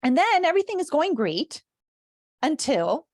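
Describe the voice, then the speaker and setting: A woman in her thirties, from Cuba, telling a personal story in a lively talk and acting out bits of the dialogue. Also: high-pitched, normal speed, no room sound, studio quality. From Cuban. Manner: animated storyteller, laughs often, acts out dialogue. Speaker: speaker and leadership consultant.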